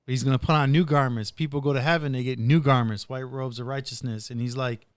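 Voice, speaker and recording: A man's voice: mid-range voice, steady tone, fast talker, smooth, dry recording. A man hosting a casual podcast, rambling through retold stories with plenty of "dude" and "like". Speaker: podcast host.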